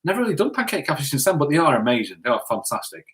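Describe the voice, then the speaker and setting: A man's voice: on the high side, very animated, rapid-fire, a bit bright. A man co-hosting a casual live stream, chatting in a jokey way and reading out viewer comments, often stumbling over words.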